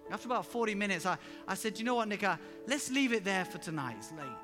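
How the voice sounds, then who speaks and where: A man preaching a sermon with personal stories, emphatic and animated, sometimes rising to loud exclamations. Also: high-pitched, fast. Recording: reverberant hall with music underneath.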